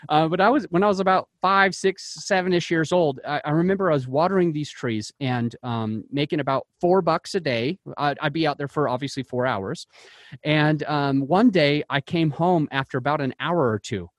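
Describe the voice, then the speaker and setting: Real estate investor, male, earnest interview storyteller with a higher voice and a dry sound, who often backtracks mid-sentence. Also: normal speed, dry recording. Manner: earnest, with frequent restarts and fillers.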